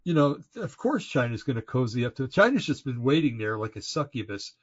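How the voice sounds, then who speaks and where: The slightly dull lo-fi recording carries a medium-pitched, sing-song voice moving a little fast. It belongs to a man from Oregon, United States, co-hosting a casual political podcast and ranting indignantly with many fillers and restarts.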